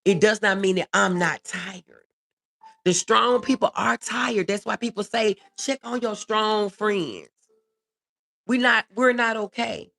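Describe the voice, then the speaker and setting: A woman talks on a casual livestream at a middle pitch, with a gravelly edge of vocal fry. She answers viewer comments in an earnest, reassuring way and often repeats her key phrases. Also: slow, fairly bright tone.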